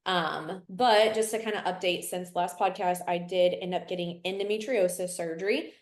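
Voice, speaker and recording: A young woman, a podcast guest speaking earnestly, with soft fillers. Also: fairly low pitch, fairly even intonation, moderate pace. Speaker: assistant coach, podcast guest. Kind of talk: casual podcast chat. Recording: roomy echo.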